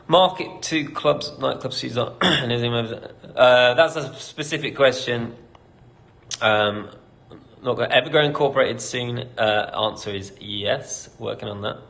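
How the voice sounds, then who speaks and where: A man's voice: medium pitch, moderate pace, vocal fry, a bit bright. A British man, a company CEO, hosting a casual live Q&A, reading out questions and answering candidly with lots of ums and light laughter.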